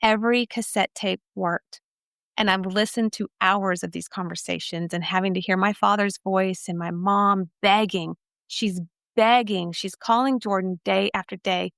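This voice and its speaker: A woman's voice: medium pitch, fairly even intonation, moderate pace, gravelly, fairly bright tone, clear, resonant tone, no echo, clean studio sound. A woman from Texas, a podcast guest telling her life story in an earnest, emphatic way. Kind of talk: personal testimony storytelling.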